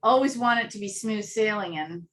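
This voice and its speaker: A woman telling animated anecdotes as an interview guest, acting out little voices and laughing often. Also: medium pitch, moderate pace, slight background noise. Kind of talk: casual storytelling interview.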